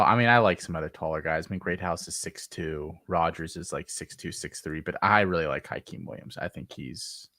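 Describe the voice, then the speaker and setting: A man with a very deep, low voice chats casually about football. He is blunt and emphatic in his opinions and throws in casual swearing. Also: pushed and bright. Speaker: podcast co-host. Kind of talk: casual sports chat.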